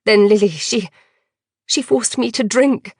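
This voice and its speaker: A woman voicing a defiant, stubborn young woman held prisoner, speaking quickly. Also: medium pitch, a little mellow, no room sound, studio quality, voice pushed up.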